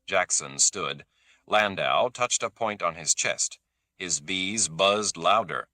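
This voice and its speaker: A man narrating a novel in a measured, expressive reading style. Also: sits low, no room sound, clean studio sound. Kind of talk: audiobook narration.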